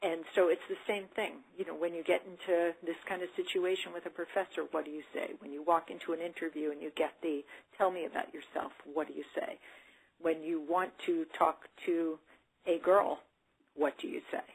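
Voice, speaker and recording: Gravelly, husky woman explaining earnestly. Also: lowish voice, fairly even intonation, normal speed, rough recording. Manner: earnest, explanatory, acts out student and coach dialogue. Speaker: autism support specialist for college students. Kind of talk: webinar talk answering questions.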